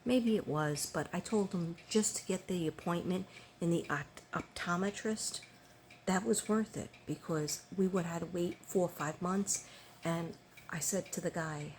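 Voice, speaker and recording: A woman's voice: mid-range voice, steady tone, moderate pace, darkish tone, slight background noise. An older woman chatting casually to her viewers, rambling with many ums and restarts. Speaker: vlogger.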